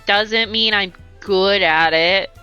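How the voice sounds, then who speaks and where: A woman streaming a video game, chatting casually and reading the game's dialogue aloud in a playful, chatty way with quick bursts of excitement. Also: medium pitch, clean tone, lo-fi sound, faint music behind.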